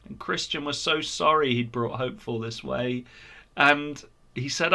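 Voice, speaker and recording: A man retelling a story for children at church, animated and expressive. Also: mid-range voice, unhurried, vocal fry.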